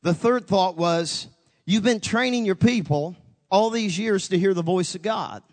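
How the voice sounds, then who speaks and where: Brief: male pastor, high voice, dramatic storytelling preacher, big reverberant hall. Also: a little slow. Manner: dramatic storytelling, acting out his own voice and God's with wide pitch swings. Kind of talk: sermon. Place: church sanctuary.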